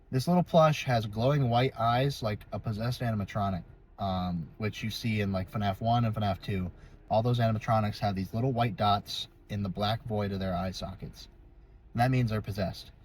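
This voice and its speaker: A man's voice: mid-range voice, a little mellow, slight background noise. A young man explaining a game's story from memory, casual and rambling, with many ums and self-corrections. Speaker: video creator.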